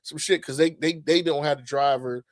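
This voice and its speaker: A man's voice: on the high side, fairly even intonation, normal speed, dry recording, studio quality. A middle-aged man co-hosting a podcast, talking casually and animatedly, swearing freely and restarting his sentences. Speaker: podcast co-host.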